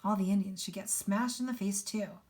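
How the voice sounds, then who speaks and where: An earnest older male teacher weighed down by guilt, as a woman reads him aloud. He speaks in a hushed, urgent way at a middling pitch. It is a plain classroom read-aloud of a novel. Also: fairly quick, natural voice. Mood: intense.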